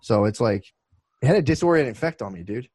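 A man's voice: medium pitch, lively intonation, fast talker, a little mellow, slightly rough, dry recording, low-quality recording. A man in his twenties co-hosting a podcast, telling rambling, profane stories in casual chat. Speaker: podcast co-host.

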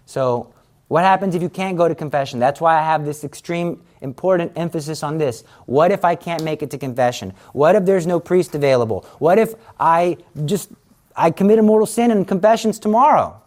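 A man's voice: on the high side, lively intonation, brisk, a little mellow. Man teaching Catholic confession, earnest and conversational. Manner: conversational, acts out everyday scenes in quoted voices; earnest, urging. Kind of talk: casual catechism teaching.

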